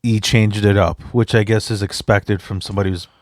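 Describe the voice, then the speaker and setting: A standup comedian, a man from an immigrant background, guests on a casual podcast, telling rambling, profane stories and animatedly acting out both sides of each conversation. His voice sits fairly low and moves at a brisk clip, recorded dry.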